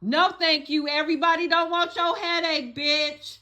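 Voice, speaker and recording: A woman hosting her channel, delivering a blunt, profane, scolding rant that swings between loud outbursts and quiet asides. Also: very high voice, steady tone, moderate pace, lo-fi sound. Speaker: channel host. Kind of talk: casual rant monologue.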